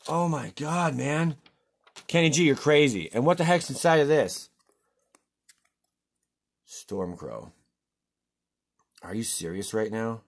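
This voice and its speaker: A man hosting a card-opening video in a casual, excitable way, swinging from hushed talk to shouting. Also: on the low side.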